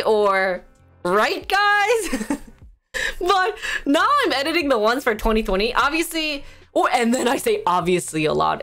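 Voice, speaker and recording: Young woman streamer rambling away, kinda high voice that jumps all over, faint music behind. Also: a bit bright. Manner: chatty, rambling, self-mocking. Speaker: live streamer. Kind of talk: casual live-stream chat.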